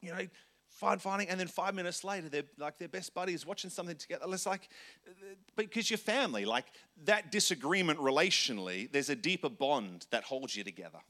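A man who is the senior pastor, preaching a sermon in a loose, conversational way, correcting himself and slipping into quick asides. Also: a little high, expressive, bright, forceful tone.

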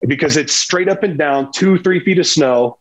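On a podcast, a man who once played pro football recounts a hunting tale in a casual interview, performing the quoted dialogue in an animated way. His slightly high voice moves at a moderate pace over a rough recording.

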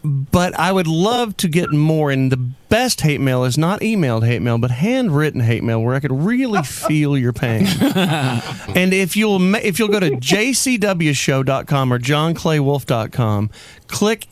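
A lively male radio host with a bouncy, somewhat high voice that swings all over as he teases his crew. The studio mic sounds dry and close, with no room around him. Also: measured pace, no room sound. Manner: teasing, animated, laughs often. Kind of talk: morning talk radio banter. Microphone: studio microphone.

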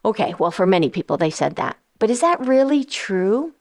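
A woman financial advisor and radio host explaining investments in a casual, animated way, often acting out quoted voices of investors and funds. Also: medium pitch, brisk. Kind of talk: casual explanatory talk to listeners.

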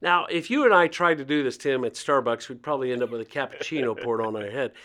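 A man's voice: medium pitch, quick pace, fairly bright tone. A man in his fifties from Ohio, a guest telling stories in a conversational interview and acting out the voices of the people he quotes. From Ohio, United States. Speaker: guest speaker on faith and poverty.

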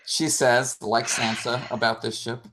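A man's voice: medium pitch, flat delivery, measured pace, background noise. A tipsy man co-hosting a casual podcast chat, teasing his co-host with wry asides to the listeners. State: tipsy from drinking.

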